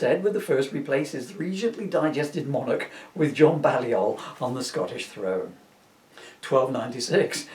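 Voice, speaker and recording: A middle-aged man reads his own comedy book aloud in a slightly high, darkish voice, chuckling at his jokes and wandering into chatty asides. The recording is roomy, with him sitting distant from the mic.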